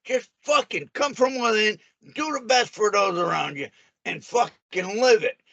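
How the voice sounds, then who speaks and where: Brief: high-voiced bright man, combative, swears constantly and talks over the other guy. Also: a little slow, gravelly. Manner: aggressive, swearing, repeated "hey, hey" interruptions. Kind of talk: heated argument.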